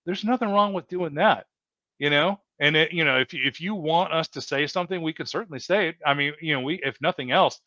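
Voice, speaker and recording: A man's voice: on the high side, fairly quick, pushed and bright, no room sound. A man hosting a casual interview, talking earnestly and rambling with many restarts and fillers. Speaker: host. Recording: dull lo-fi dry sound.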